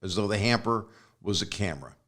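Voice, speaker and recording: A man with a fairly low voice hosts a relaxed conversation. He tells rambling personal stories and drops deadpan, wisecracking jokes into them. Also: brisk. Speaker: host. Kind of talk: casual conversation.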